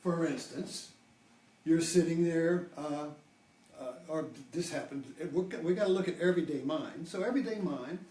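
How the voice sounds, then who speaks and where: An older man, a spiritual teacher, gives an informal talk, rambling and often restarting sentences amid many fillers. His voice is a little high and mellow at normal speed, captured off-mic in a roomy space.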